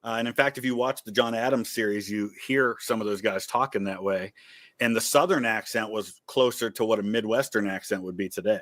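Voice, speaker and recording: A man's voice: fairly low pitch, a little fast, fairly bright tone. Guest, man from Ohio, casual chat, thoughtful and explanatory. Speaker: guest on a quiz.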